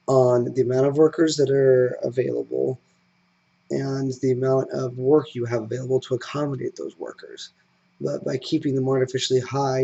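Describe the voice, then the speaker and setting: Male commentary host, hoarse from a cold, flat delivery, dull lo-fi recording. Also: mid-range voice. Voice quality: hoarse, gravelly. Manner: measured, explanatory, with fillers and restarts. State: getting over a cold. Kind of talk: solo economic commentary.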